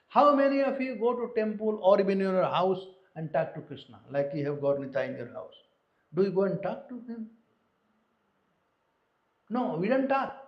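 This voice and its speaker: A man with an Indian accent giving a devotional sermon as a visiting teacher, telling stories with humor. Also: on the high side. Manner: animated storytelling with humor. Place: lecture room in a home. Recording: echoey room, dull lo-fi sound.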